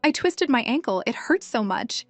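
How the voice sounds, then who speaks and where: A woman's voice: fairly high pitch, sing-song, normal speed, dry recording. A woman voicing a coy, scheming seductress. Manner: coy, pleading. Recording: dry, music faint behind.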